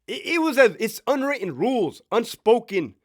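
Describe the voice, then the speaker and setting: A man's voice: very high-pitched, sing-song, normal speed. A man in his thirties, a former prison sergeant, telling stories in a blunt, profane, emphatic way with rhetorical questions. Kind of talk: casual storytime monologue.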